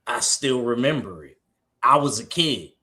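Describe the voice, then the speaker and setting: A man's voice: mid-range voice, animated, unhurried, bright, forceful tone. A man with a New York accent on a casual talk panel, teasing and talking over others. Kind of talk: casual chat.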